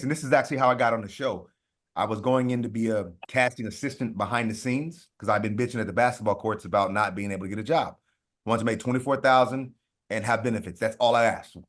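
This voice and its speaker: A man with a fairly low voice tells his story in a loose, animated way, cursing freely. He slips into quoted voices as he goes, like a guest on a podcast. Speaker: podcast guest, reality TV contestant. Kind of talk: casual storytelling.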